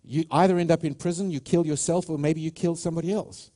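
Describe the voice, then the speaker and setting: A man's voice: fairly high pitch, steady tone, fast talker, dark tone. A man preaching a sermon with passion, stressing his points and often restarting his sentences. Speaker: pastor.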